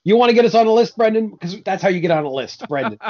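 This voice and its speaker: Man, podcast co-host, deadpan, sardonic, high voice, muffled lo-fi sound. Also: fast. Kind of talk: casual comedic chat.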